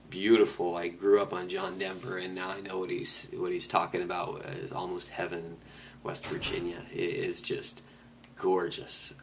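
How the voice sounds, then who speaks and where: There's slight background noise as a low-voiced man with vocal fry relaxedly recaps his long cross-country motorcycle ride. He rambles and frequently restarts his sentences.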